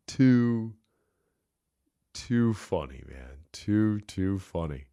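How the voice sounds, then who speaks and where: A man with a low voice hosts a casual solo podcast from a small home bar. He tells stories in an easy, rambling way and breaks into laughter often. The sound is close and dry. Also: measured pace, no echo. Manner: laughs often through the story. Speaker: podcast host.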